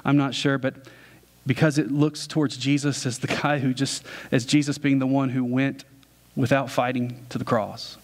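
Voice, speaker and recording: Speaking at a medium, mid-range pitch, a male pastor tells a story in easy, everyday language as if among friends. He then slows down into plain, earnest teaching.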